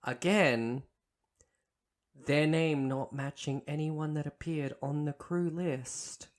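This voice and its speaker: A woman with a very low, deep voice takes her time, laying out a history story on a podcast. She counts off her points one by one and stops to fix her own slips, all in an easygoing chat. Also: slow pace. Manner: recounts a history case point by point, correcting herself. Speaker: podcast co-host.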